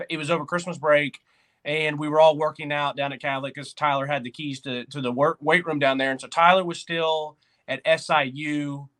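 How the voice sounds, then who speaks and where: A man hosting a casual sports podcast, telling stories in an excitable, rambling way. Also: fairly high pitch. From Tennessee, USA. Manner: excitable storyteller, quick asides. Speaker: podcast host.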